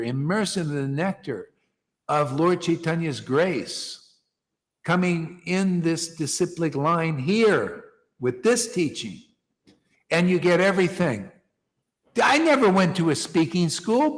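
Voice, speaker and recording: A man leading a devotional gathering, preaching informally with emphatic rhetorical questions that rise to near shouts. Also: a little high, in a large hall. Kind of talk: informal preaching to a small group.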